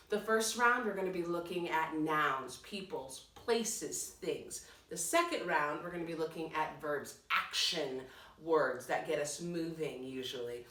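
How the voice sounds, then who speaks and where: A woman's voice: low voice, lively intonation, normal speed, a bit bright, far from the mic. A woman drama teacher giving an upbeat, encouraging online lesson from her apartment, talking through step-by-step instructions. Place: home apartment. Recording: roomy echo, mic set back from the speaker.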